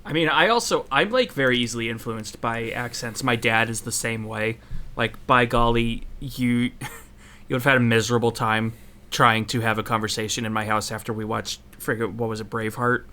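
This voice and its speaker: A man from the southern Midwest with a Midwestern accent tinged with Southern drawl, co-hosting a casual podcast chat with lots of laughing and quick asides. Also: medium pitch, pushed and bright. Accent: Midwestern American with Southern influence. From southern Midwest, USA. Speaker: podcast co-host.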